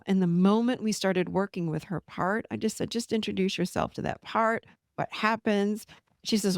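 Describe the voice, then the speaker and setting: A woman in her forties, a podcast host and therapist, giving a teaching self-help talk in a gently reassuring, animated coaching manner. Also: mid-range voice, moderate pace, dry recording, studio quality.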